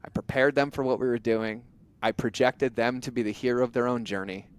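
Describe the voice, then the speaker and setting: A middle-aged man, a podcast guest, telling stories in a blunt, animated way and acting out bits of dialogue as he goes. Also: mid-range voice, clean tone. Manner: animated, acts out imagined dialogue in quick bursts; blunt, drops the odd curse. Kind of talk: conversational interview storytelling.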